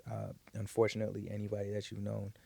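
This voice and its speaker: Low gravelly-voiced man, earnest podcast guest. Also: completely flat delivery, fast, dark tone, dry recording. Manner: earnest and reflective, repeats words as he gathers thoughts. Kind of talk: casual heartfelt conversation.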